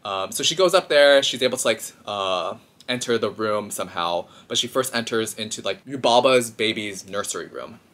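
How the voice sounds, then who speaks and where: A man's voice: on the low side, moderate pace. Chatty man recapping a film. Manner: chatty, filler-heavy, animated. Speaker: vlogger.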